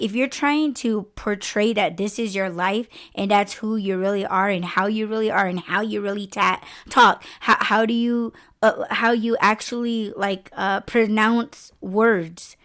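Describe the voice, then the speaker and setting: Hosting a casual podcast, a woman rambles candidly and expressively, cursing without restraint. Her voice is medium in pitch and fairly bright.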